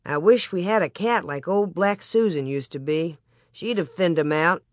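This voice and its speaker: A woman voicing a steady, teasing pioneer father with a calm, even delivery in her own lowish voice. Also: normal speed, no room sound, studio quality, close to an everyday voice. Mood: matter-of-fact.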